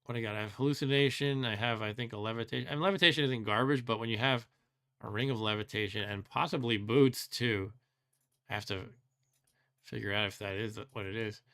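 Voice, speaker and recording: A man's voice: on the low side, a little fast, a bit bright. A man hosting a let's play, thinking aloud as he plays, musing and second-guessing himself with wry complaints and frequent chuckles. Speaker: host.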